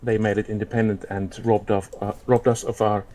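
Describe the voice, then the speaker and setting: A man speaking for a gaming group as a guest on a livestream, calm and matter-of-fact. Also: on the low side, a little fast. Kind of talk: casual remote chat.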